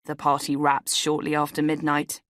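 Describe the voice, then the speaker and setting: A woman narrates her own memoir in a wry, conversational way. Her voice sits low. The studio recording is close and dry. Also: monotone, normal speed, a bit bright, no echo. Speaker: author reading her memoir. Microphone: studio microphone.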